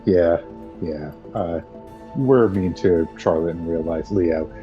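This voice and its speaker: A man in casual tabletop game chat, speaking calmly and reflectively. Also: sits low, slow. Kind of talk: casual actual-play chat. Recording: dull lo-fi audio, faint music.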